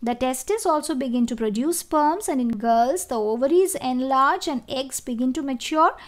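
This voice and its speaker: A woman's voice: sits high, expressive, normal speed. A woman biology teacher giving a school lesson, explaining step by step with frequent fillers and restarts and asking questions of the class. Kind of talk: classroom lecture.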